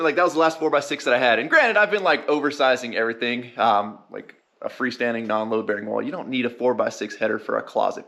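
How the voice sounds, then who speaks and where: Fast-talking upbeat DIY vlogger man. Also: mid-range voice, a bit bright. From California. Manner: upbeat, rambling, chatty with fillers. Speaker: vlogger renovating a guest house. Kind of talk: casual DIY vlog talk. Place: construction site indoors and outdoors.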